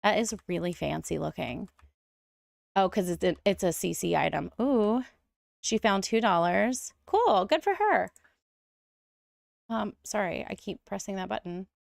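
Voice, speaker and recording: Chatty woman streamer with a gravelly edge. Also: fairly low pitch, moderate pace, dry recording, clean studio sound. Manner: chatty, rambling, laughs often. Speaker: gaming streamer. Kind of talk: casual live stream chat.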